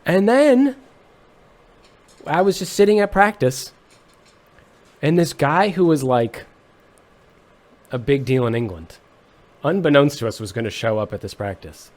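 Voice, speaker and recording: A man who is a musician, a guest on a comedic podcast, telling stories in a deadpan, mock-serious way. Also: fairly high pitch, unhurried, pauses often. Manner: deadpan joking, exaggerated mock-serious bits.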